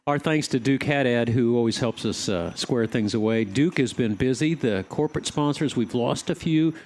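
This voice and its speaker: A man's voice: medium pitch, normal speed, darkish tone. A man hosting a radio show, chatting casually and jokingly teasing his guests. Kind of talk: casual on-air radio chat.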